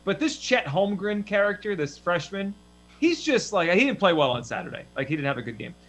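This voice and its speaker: Guy hosting a sports podcast, bright tense voice, rambly and animated. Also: high voice, fairly quick, slight background noise. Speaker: podcast host. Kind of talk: casual sports chat.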